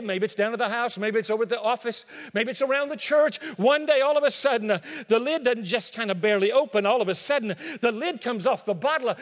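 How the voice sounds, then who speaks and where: A man preaching a sermon as pastor, telling an animated illustration and acting out the asides. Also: very high-pitched, big-room sound. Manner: animated storytelling with acted-out asides. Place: church sanctuary.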